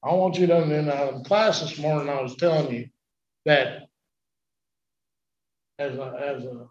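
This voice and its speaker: A preacher in his sixties delivers an emotional sermon, his fairly high voice leaping from shouts to near-whispers. The recording is muffled and lo-fi. The church room around him rings with echo. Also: fairly even intonation, unhurried, a little hiss or hum. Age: 60s.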